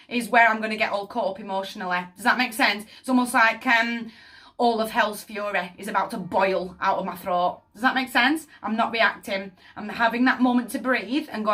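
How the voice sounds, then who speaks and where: A woman's voice: fairly high pitch, normal speed, bright, forceful tone. A woman giving a tarot reading, speaking emotively and often asking "does that make sense" over faint background music. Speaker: tarot reader.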